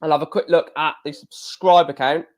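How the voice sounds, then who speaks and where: A man hosting a casual live stream, talking in an excitable, rambling way with many restarts. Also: a little high, moderate pace.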